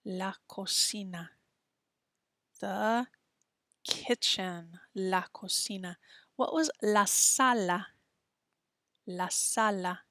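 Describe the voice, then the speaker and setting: A woman teaching young children, patient and encouraging. She speaks slowly and carefully, at a middle pitch. The recording is dry and close, with no room sound. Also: sharp tone, no room sound. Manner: patient, encouraging, slow and clear. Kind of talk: children's language lesson.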